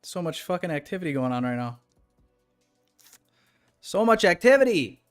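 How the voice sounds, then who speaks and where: A man's voice: fairly high pitch, sing-song, normal speed, faint music behind. A young man hosting a trading livestream, ranting casually and profanely at his chat with big swings in energy.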